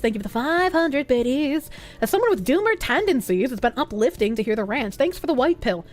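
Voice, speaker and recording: A young woman streamer chatting casually and reading out donations, animated and swearing freely. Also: high-pitched, fairly quick.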